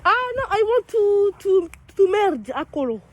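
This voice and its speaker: Bubbly high-voiced French woman vlogging. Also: big pitch swings, unhurried, noisy background. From France. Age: young adult. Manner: bubbly, teasing, exaggerated reactions. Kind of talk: playful street vlog.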